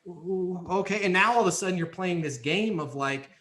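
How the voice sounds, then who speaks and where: A man with a fairly high voice talks on a podcast in a coaching style. He is emphatic and checks in often with quick tag questions. His tone is bright and forceful. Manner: emphatic, repeats key phrases, frequent "right?" and "okay?". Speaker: guest speaker on leasing and renewals. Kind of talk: energetic coaching talk with role-played examples.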